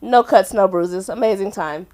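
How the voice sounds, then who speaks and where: A young woman tells a story during an open-mic stand-up set at a comedy club, voicing characters loudly and delivering it all in a giggly, animated way. She speaks at a medium pitch and a moderate pace.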